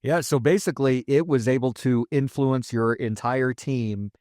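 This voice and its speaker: A man's voice: mid-range voice, normal speed, a little mellow, dry recording, clean studio sound. A man hosting a casual interview podcast, giving short reactions and asking friendly follow-up questions. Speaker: podcast host.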